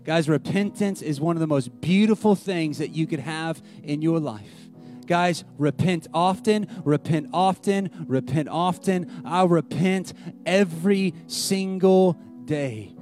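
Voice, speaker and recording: Animated high-voiced male pastor. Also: unhurried, faint music behind. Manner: animated, swinging between loud emphasis and hushed intimate lines. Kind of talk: sermon.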